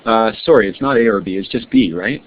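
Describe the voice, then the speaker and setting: A man's voice: lowish voice, fairly quick. A male teacher giving an online science lesson, quizzing his students in a friendly way and often checking with "right?". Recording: tinny lo-fi line with faint hiss.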